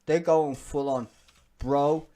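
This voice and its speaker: A man's voice: mid-range voice, measured pace. A man giving ranting political reaction commentary, profane, heated and emphatic, often laughing as he talks. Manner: laughs often while talking.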